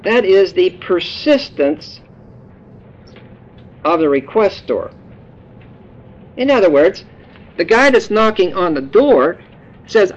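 A man's voice: high-pitched, big pitch swings, takes it slowly, pauses often. A man preaching a sermon, explaining words in a folksy, joking teaching manner. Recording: dull lo-fi sound.

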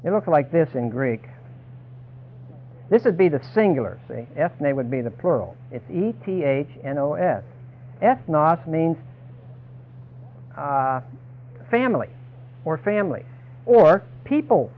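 Man preaching, emphatic, high voice that swings a lot, dull lo-fi radio sound. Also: sing-song, unhurried, long pauses. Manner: emphatic, dramatic, voicing the people he quotes. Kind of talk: sermon.

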